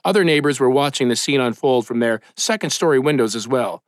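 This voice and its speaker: A man's voice: mid-range voice, lively intonation, fairly quick, no room sound, clean studio sound. A man narrating comic stories in a wry, matter-of-fact way. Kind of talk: audiobook narration.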